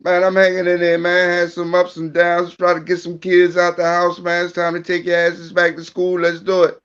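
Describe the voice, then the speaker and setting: A man's voice: high-pitched, monotone, normal speed, a bit bright, clean tone, highs cut off. A man calling in to a sports podcast, talking in a laid-back way and repeating phrases. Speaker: call-in guest. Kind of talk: casual sports chat.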